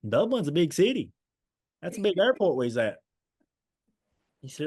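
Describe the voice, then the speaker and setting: A man's voice: a little high, wildly swooping pitch, moderate pace, long pauses, a little mellow. A young man, a podcast guest telling a story and acting out the dialogue as he goes. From Eastern Kentucky, USA. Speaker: guest, former basketball player.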